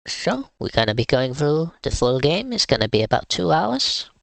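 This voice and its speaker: A man's voice: on the high side, sing-song, moderate pace, gravelly, no room sound. A man streaming a game live, with casual, wry, rambling commentary.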